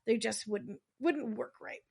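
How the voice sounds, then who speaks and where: A woman's voice: fairly high pitch, measured pace, vocal fry, a little mellow, slightly rough. A woman casually telling a true story on a podcast, rambling with lots of filler words and acting out quotes.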